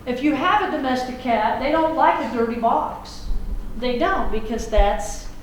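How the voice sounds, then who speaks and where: A woman's voice: a little high, a little hiss or hum. A woman teacher giving a classroom lecture, folksy and chatty, checking in with the class. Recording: echoey classroom from far off.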